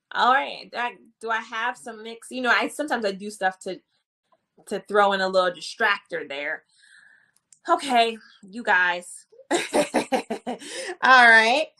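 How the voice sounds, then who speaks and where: Upbeat woman tutor on a live stream, bright voice that jumps all over, teasing and repeating herself. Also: a little high. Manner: lively, teasing, repeats phrases, chats with viewers. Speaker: nursing exam tutor. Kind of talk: live-stream exam review lesson.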